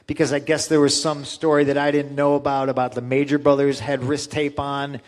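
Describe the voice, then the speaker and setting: Profane, animated male storyteller. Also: medium pitch, brisk. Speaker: guest. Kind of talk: casual storytelling on a convention panel.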